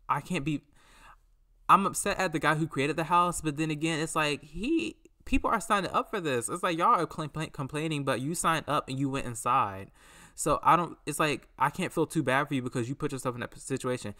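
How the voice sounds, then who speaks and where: A man hosting a podcast, talking in a casual, rambling and animated way, often acting out what people said. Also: a little high. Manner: rambling, animated, acts out quotes. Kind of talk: casual solo commentary.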